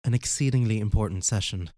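A man's voice: on the low side, mellow, no echo, studio quality, lightly acted. Firm woman therapist, voiced by a man. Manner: firm, measured.

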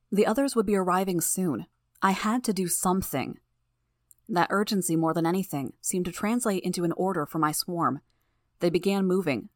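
A woman narrating an audiobook in the first person, with steady, measured storytelling. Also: fairly low pitch, no room sound, studio quality.

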